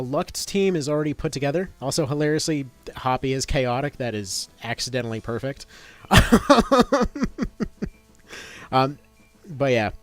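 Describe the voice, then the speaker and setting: A man in his thirties talks through a game stream in a loose, rambling way, full of fillers and half-started thoughts. His voice sits at an ordinary middle pitch, and faint music runs underneath. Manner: rambling, chatty, many fillers. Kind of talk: casual gameplay commentary.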